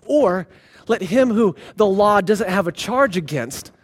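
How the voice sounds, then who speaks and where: A preacher voicing a hushed, gentle Jesus. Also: male voice, sits high, animated, breathy edge, voice pushed down, heavily acted. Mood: solemn. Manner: slow, hushed and solemn. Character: gentle, solemn male Jesus speaking softly.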